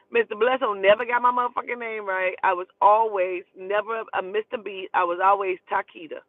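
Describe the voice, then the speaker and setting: Man, from Oklahoma, high-pitched, animated, profane storytelling, dry close sound. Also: normal speed, no room sound. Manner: animated, profane, addresses listener as "child". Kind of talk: casual storytelling. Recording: dry tinny phone-like sound.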